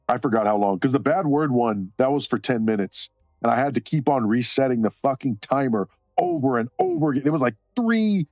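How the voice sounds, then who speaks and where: A man's voice: medium pitch, darkish tone, dry recording, dull audio. A man chatting casually on a live stream while coloring, rambling and cursing freely between short laughs.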